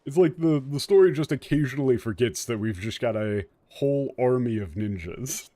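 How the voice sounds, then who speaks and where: A man streaming a game, talking casually and ranting in an animated way with frequent restarts. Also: mid-range voice, normal speed. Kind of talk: casual commentary while playing.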